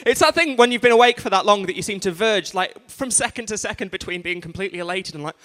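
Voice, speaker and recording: A man's voice: high voice, fast, hardly any pauses, a bit bright. A man hosting an awards night live on a stage microphone, chatty and rambling with asides to the audience. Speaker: event host and compere. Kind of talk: live stand-up compering. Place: large museum event hall. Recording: reverberant hall on live stream.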